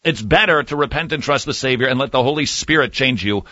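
Bright lively guy hosting christian talk radio, jokey, dry studio sound a bit dull. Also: medium pitch, quick pace, no echo. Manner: animated and jokey, swings from loud to muttered asides. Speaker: radio host. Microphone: studio desk mic.

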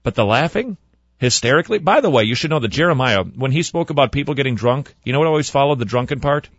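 A man hosting a radio talk show, commenting sarcastically on sermon clips and swinging between loud remarks and hushed asides. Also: mid-range voice, lively intonation, fast, no echo, dull audio.

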